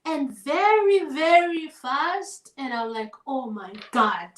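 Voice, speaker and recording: High-voiced woman telling stories. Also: slow, reverberant, low-quality recording. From Zambia. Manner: animated storyteller, laughs often, acts out voices. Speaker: guest singer. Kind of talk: casual storytelling conversation. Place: home setting over a shared meal.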